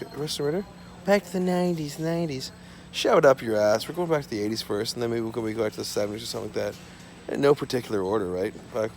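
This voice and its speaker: A man's voice: lowish voice, vocal fry, slight background noise. A man rambling and ranting to his camera at home, profane and repetitive, drifting from topic to topic. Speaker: vlogger. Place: small home.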